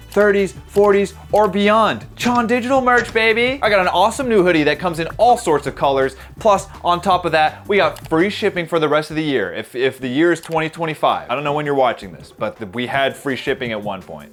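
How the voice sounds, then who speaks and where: A young man hosting a comedic video, ranting in mock anger and swearing, swinging between loud outbursts and quiet muttered asides. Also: mid-range voice.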